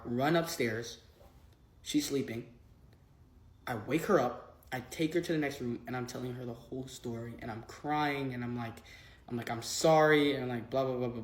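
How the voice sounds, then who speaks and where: A man's voice: medium pitch, reverberant, poor audio. A man telling a personal story casually, acting out quoted dialogue and saying "like" a lot. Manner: rapid retelling full of quoted dialogue and filler "like". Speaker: vlogger.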